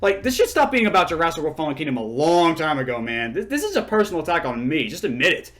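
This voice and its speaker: He talks fast in a slightly high, fairly bright voice, and he's very animated. As host of his own channel, he fires back at a critic with an angry, sarcastic response video full of profanity.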